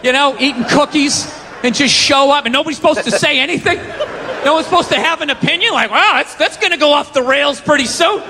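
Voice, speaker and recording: A man doing a stand-up comedy set on stage, loud and ranting, often shouting and swearing. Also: very high voice, fairly quick, big-room sound, a crowd in the background, background noise. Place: comedy club stage with audience. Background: audience laughter.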